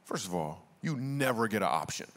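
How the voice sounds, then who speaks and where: A man's voice: fairly low pitch, very animated, brisk, a bit bright. Man telling funny stories in a reverberant church. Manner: loose, slangy, conversational delivery with punchlines. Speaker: comedian and guest speaker. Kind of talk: comedic storytelling talk to a church congregation. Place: large church auditorium. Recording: long reverb of a large church hall.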